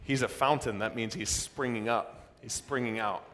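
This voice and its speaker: A man's voice: medium pitch, steady tone, moderate pace. Male pastor, dramatic preaching delivery, reverberant church hall. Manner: preaching with sudden loud outbursts and dramatic quoted voices. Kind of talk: sermon. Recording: long reverb of a large hall.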